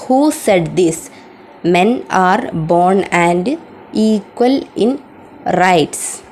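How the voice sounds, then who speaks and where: A woman's voice: mid-range voice, a little mellow, slight background noise, rough recording. A woman reading out exam questions, repeating each one before giving the answer. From India. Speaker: student tutor.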